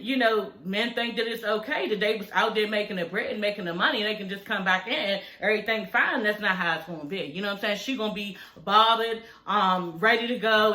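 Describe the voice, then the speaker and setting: A woman giving a casual, animated recap of a reality show, talking in slang, swearing freely and acting out the quoted lines. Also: mid-range voice, roomy sound, low-quality recording.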